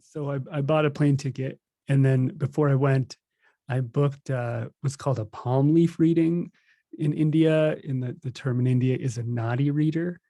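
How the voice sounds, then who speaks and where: A man in his thirties, a guest on a podcast, telling stories in a relaxed, self-laughing way. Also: medium pitch, normal speed, no echo. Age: 30s. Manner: relaxed storytelling, laughs at himself. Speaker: podcast guest, meditation teacher. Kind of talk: casual interview chat.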